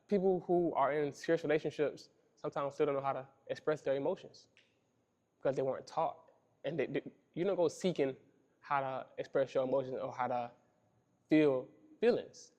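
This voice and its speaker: A man's voice: medium pitch, darkish tone. A young man hosting a podcast, speaking earnestly and casually about men's feelings, often repeating himself and calling the listener "bro". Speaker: podcast host. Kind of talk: reflective monologue on men's feelings.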